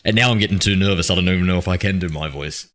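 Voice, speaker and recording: A man chatting with viewers on a game stream in a low voice with a bright, forward edge. He rambles and pokes fun at himself as he reads their messages aloud. His voice comes through a streaming mic with noise suppression. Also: racing. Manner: rambling, self-deprecating, reads chat aloud. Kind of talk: casual live-stream chat. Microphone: streaming mic with noise suppression filter.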